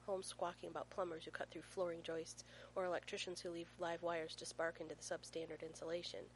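A woman reads a fan fiction story aloud in a fairly low voice, telling it with playful warmth. A faint hum sits beneath her narration. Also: low-quality recording.

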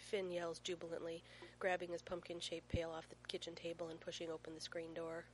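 A woman's voice: fairly low pitch, flat delivery, normal speed, slight background noise, poor audio. A woman narrating a fan fiction story as an audiobook reader, playful and storytelling.

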